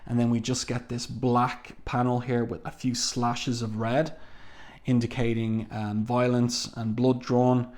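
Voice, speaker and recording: A man's voice: mid-range voice, a little mellow. Man casually walking through a comic. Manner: walks through panels, reads dialogue aloud, frequent ums. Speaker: comic book reviewer. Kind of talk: casual review narration.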